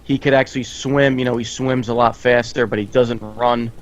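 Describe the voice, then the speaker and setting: A man's voice: medium pitch, steady tone. Guy chiming in on a gaming podcast, keeps restarting, kinda muffled lo-fi audio. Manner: halting, restarts often. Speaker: podcast co-host. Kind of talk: casual gaming chat.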